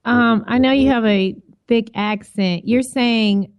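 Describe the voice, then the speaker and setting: A woman co-hosting a sports radio show who checks the facts and teases the host in a deadpan way. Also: on the high side, slow, smooth, dry recording.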